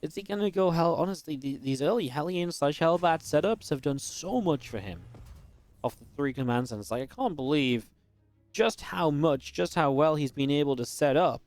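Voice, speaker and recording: Excitable man casting a strategy game. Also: fairly high pitch, dry recording, faint music behind. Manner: quick, excitable play-by-play with filler restarts. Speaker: esports caster. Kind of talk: live game commentary.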